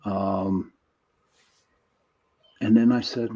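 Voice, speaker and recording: Mellow-voiced man hosting a podcast. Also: mid-range voice, measured pace, highs cut off. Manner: easygoing, reads out viewer comments. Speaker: podcast host. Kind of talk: casual podcast chat.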